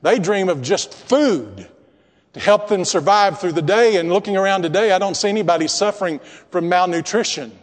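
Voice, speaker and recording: A man preaching a sermon in a church. He drops to hushed tones and then swells to emphatic peaks. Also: high voice, expressive, normal speed, in a large hall. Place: church building with congregation.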